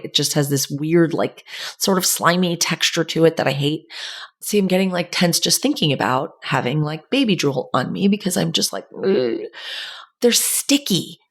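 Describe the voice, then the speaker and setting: A young adult woman with a slightly low voice gives parenting advice in a loose, chatty way. She fills her talk with "like" and quick asides, as if talking to a friend. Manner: chatty, lots of "like", animated asides. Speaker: podcast host.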